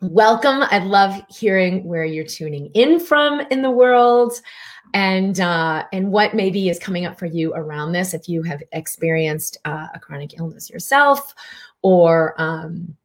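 A woman's voice: lowish voice, unhurried. Chatty woman physician hosting a livestream. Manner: warm, chatty, greets viewers by name. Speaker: physician hosting a live stream. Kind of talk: live-streamed wellness talk.

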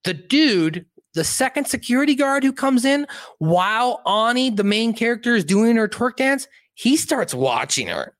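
A man casually recapping a film's plot out loud in a rambling, profane, animated way, seated indoors. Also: extremely high pitch, moderate pace, dry recording, studio quality. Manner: animated, rambling, profane storytelling with many asides. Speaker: movie recap commentator. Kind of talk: casual spoken film recap.

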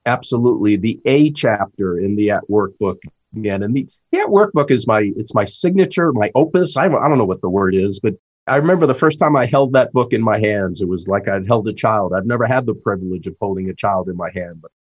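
A man's voice: lowish voice, lively intonation, fairly quick, hardly any pauses, lo-fi sound. A man, an author and workplace trainer, talking as a podcast guest who acts out the lines he quotes.

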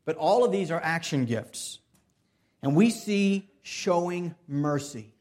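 Earnest, higher-voiced male preacher. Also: animated, takes it slowly. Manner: earnest preaching that swings from loud emphasis to soft, hushed stretches; repeats and restarts phrases. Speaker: pastor. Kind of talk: sermon.

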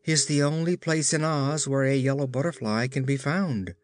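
A man's voice: medium pitch, normal speed, lightly acted. A man voicing a gloomy, discouraged young boy in a storybook reading, speaking mournfully. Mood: miserable. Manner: mournful and sad.

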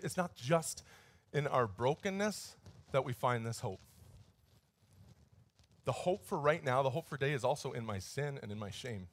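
A man's voice: mid-range voice, dry recording. A male pastor preaching a sermon in a conversational, storytelling way, his voice lifting and pushing harder on key points.

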